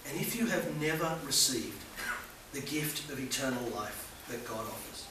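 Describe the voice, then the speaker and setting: A man preaching a sermon as a visiting preacher, moving between loud fervent appeals and hushed soft passages. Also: mid-range voice, animated, moderate pace, background noise. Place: church hall. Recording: echoey church from far off.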